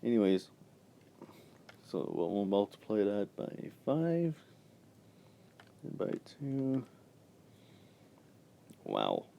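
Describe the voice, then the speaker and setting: Slow, low-voiced young man rambling. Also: wildly swooping pitch, vocal fry, warm tone, a little hiss or hum. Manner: rambling, halting, swears when worked up. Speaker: vlogger. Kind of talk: casual storytelling rant.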